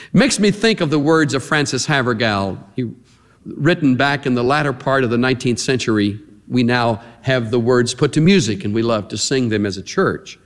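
A man preaching a sermon, explaining a Bible passage with emphatic, drawn-out words and light asides to his congregation. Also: mid-range voice, long reverb tail. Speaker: pastor. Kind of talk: expository sermon.

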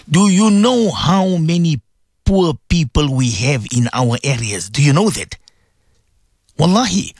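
A man's voice: on the high side, slightly rough, dry recording, studio quality. Impassioned South African man preaching. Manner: impassioned, pleading, repeats phrases for emphasis. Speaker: radio presenter and Islamic preacher. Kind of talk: radio sermon.

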